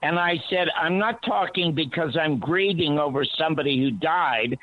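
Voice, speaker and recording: A man on a talk radio show telling an animated story, his voice climbing high when he quotes himself. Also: moderate pace, no room sound. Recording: tinny phone-line sound, dry.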